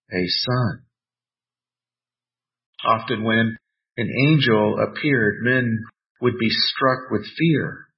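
A man preaching a sermon, reading scripture aloud and adding playful personal asides in a measured, deliberate way. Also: medium pitch, highs cut off. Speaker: pastor.

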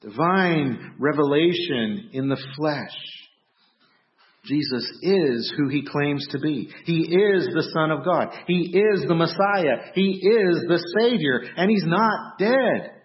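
A man preaching a sermon, telling the story with animation and acting out startled shouts. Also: a little high, animated, slow, highs cut off. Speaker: pastor.

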